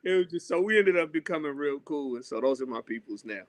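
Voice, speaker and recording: Animated man telling stories on a podcast. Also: on the high side, quick pace, no echo. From Seattle. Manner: animated storyteller acting out quoted voices. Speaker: guest artist. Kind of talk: casual storytelling chat.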